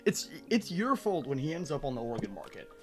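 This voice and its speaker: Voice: medium pitch, sing-song, brisk, soft background music. A live streamer in casual chat, ranting and teasing with exasperation and swearing.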